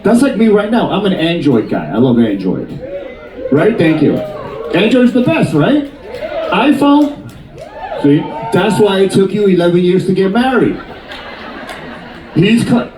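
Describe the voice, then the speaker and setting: A man's voice: sits high, a little slow, long pauses, far from the mic. Stand-up comic, man, 50s, teasing crowd work, roomy off-mic sound. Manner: animated, jokey, teasing the audience. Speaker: stand-up comedian. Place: cruise ship theater.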